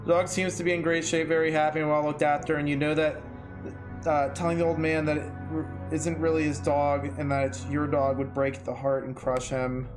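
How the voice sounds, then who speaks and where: Young guy streamer, talky and sweary, kinda high voice, soft music in the back. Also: little pitch movement, brisk. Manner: chatty, swears, laughs, emotional reactions. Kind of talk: casual game commentary, reading aloud.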